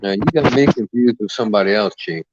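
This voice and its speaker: Deep-voiced brash profane male streamer. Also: quick pace, noisy background. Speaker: livestream host. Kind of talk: crude trash-talking livestream chat. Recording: dull lo-fi dry mic sound.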